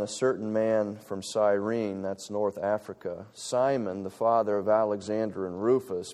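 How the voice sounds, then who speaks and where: A man preaching a sermon from the pulpit, swinging between loud, urgent, high-pitched peaks and low, quiet stretches. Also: big-room sound. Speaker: pastor. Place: church sanctuary.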